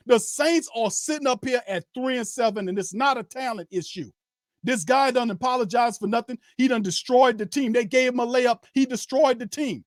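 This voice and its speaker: A man's voice: very high voice, moderate pace, no room sound, clean studio sound. A man hosting a sports show, ranting in a heated, profane way and speaking straight to his viewers and chat. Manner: addresses viewers and chat directly. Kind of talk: angry sports rant.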